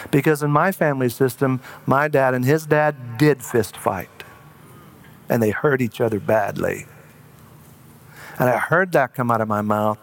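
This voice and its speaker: A middle-aged man, a pastor, preaching a sermon with earnest storytelling that halts on fillers in personal stories. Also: medium pitch.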